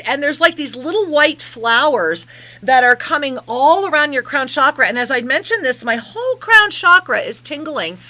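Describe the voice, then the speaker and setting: A woman hosting a call-in radio show, giving effusive, emotional soul readings that slow into soft guided meditation. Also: high voice. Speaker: radio show host and spiritual reader.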